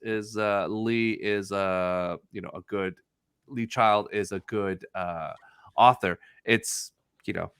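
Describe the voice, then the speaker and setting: A man's voice: fairly low pitch, clear, resonant tone, no room sound, studio quality. A man hosting a casual podcast, rambling through his points and acting out his own reactions. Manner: rambling, restarts, animated acted-out reactions. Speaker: podcast host. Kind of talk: casual chat.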